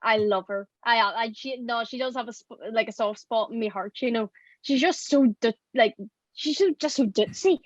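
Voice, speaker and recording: An Irish woman, a voice actor, telling stories in an animated, rambling way in casual podcast chat. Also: a little high, moderate pace, no room sound, muffled recording. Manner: chatty and animated, rambling storytelling. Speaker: audio drama voice actor.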